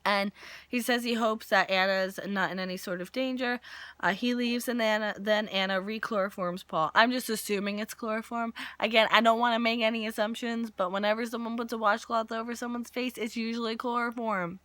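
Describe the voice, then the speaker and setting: A woman in her twenties casually recapping a soap opera episode, animated and jokey, acting out characters' lines while losing her voice. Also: on the high side, brisk, no echo. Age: 20s.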